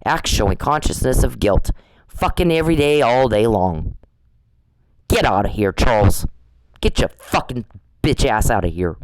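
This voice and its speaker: A man's voice: mid-range voice, animated, moderate pace, no room sound, low-quality recording. A man delivering an angry podcast monologue, scolding and repeating short commands over and over. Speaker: podcast host.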